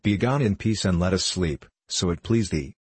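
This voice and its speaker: A man's voice: low-pitched, moderate pace, a little mellow, breathy edge, no echo. A man voicing a sleepy, peevish serving woman who dismisses a caller, in a storybook reading. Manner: dismissive, archaic.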